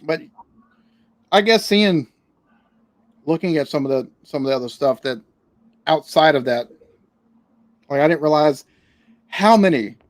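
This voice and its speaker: A man's voice: a little high, animated, unhurried, long pauses, no room sound. Rambling man in a dry close recording. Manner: rambling, swears casually, frequent restarts. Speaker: podcast guest, reaction channel creator. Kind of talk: casual interview chat.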